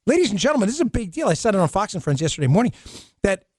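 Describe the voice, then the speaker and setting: A man from New York hosting a political talk show, sarcastic and animated, with quick asides. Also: sits high, dry recording, clean studio sound. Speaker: host.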